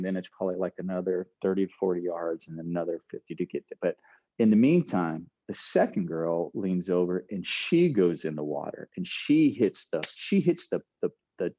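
Middle-aged guy telling a story, lively and laughing, dry dull sound. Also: sits low, no room sound. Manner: animated, laughing retelling with acted-out quotes. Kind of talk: casual storytelling.

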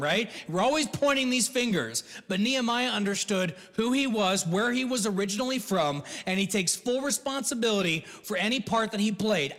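A high-pitched man from the United States delivers a conversational sermon, acting out the lines he quotes as he goes. His voice trails off into a long reverb, as if he were in a large hall. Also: animated, fairly quick, hardly any pauses, fairly bright tone. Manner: conversational preaching with restarts and acted-out quotes. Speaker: pastor.

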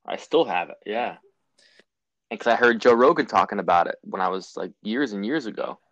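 Low-voiced young man, eager bro talk. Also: animated, fairly quick, a bit bright, dry recording. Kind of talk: casual podcast chat. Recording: dry, slightly dull mic.

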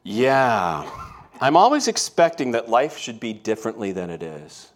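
A man's voice: medium pitch, sing-song, measured pace. Conversational male pastor preaching a sermon. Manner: conversational storytelling, asks the congregation questions. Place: church.

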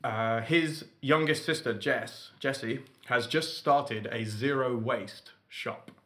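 Bright-voiced man telling stories. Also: mid-range voice, slow. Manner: animated storytelling, acting out quotes. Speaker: podcast co-host. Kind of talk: casual chat.

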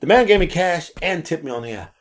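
Animated, swearing storyteller man. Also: fairly high pitch, fast talker. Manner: animated storyteller, acts out quotes, swears freely. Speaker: podcast co-host. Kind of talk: casual chat.

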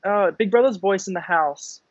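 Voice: medium pitch, moderate pace, no echo, dull audio. A podcast interviewer asking brief, encouraging questions in casual chat.

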